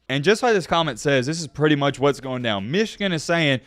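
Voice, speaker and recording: A young man hosting a casual sports commentary vlog, animated and emphatic, punching key words out slowly. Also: mid-range voice, no room sound, clean studio sound.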